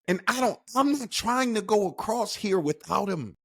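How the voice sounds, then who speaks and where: A man co-hosting a faith podcast, talking in an animated, emphatic way and acting out inner dialogue. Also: high voice, slow pace, husky. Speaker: podcast co-host. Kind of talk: casual faith podcast talk.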